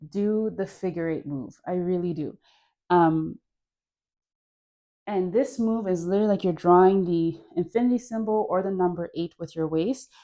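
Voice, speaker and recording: A mid-range, mellow and relaxed voice belongs to a young woman guiding a home dance session. She chats and cheers the viewer on while moving, sighing softly between instructions.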